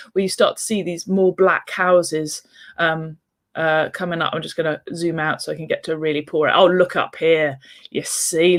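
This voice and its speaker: A woman author talking through a casual explanatory vlog in a chatty, rambling way, with asides and restarts. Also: mid-range voice. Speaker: children's book author.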